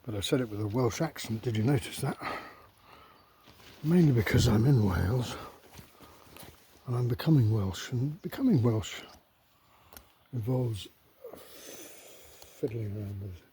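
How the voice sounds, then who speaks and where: A man's voice: mid-range voice, animated, measured pace, pauses often, background noise. A man giving a rambling, wry cookery monologue at home, often correcting himself mid-thought. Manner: digressive, self-correcting, wry. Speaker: cookery vlogger.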